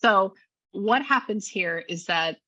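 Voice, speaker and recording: A woman's voice: mid-range voice, animated, takes it slowly, pushed and bright, no echo. A woman working as a psychic medium, talking casually and gushingly through a reading, with many restarts. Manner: chatty, gushing, restarts often.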